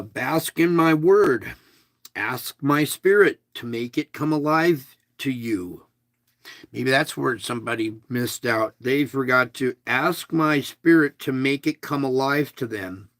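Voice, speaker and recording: A man's voice: mid-range voice, no echo. A man hosting an online devotional, reading aloud with casual asides and stressing single words. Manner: casual, chatty.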